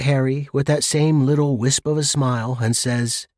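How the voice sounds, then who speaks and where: A man telling a scripted joke as host of a comedy channel, in an expressive storytelling manner. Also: mid-range voice, normal speed, few pauses, dry recording, studio quality. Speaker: joke teller.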